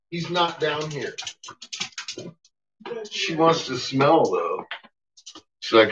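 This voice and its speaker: Brief: man with a dull-sounding phone recording, unhurried and amused, narrating his pets with plenty of swearing. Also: lowish voice, background noise. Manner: amused, profane, voices his dogs' thoughts. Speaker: dog owner filming his pets. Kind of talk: casual commentary to camera. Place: house basement. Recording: dull lo-fi home video.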